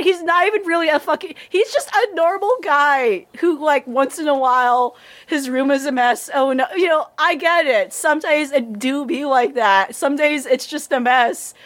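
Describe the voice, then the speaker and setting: A woman in casual anime review chat, rambling, swearing, and laughing often. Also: sits high.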